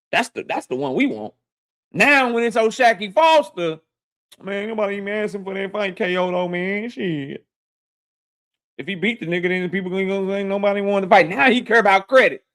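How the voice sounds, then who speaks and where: High-voiced man in a heated boxing rant. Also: pushed and bright. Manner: heated, profane, mocking rant to chat. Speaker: boxing talk show host. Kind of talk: live-stream boxing rant.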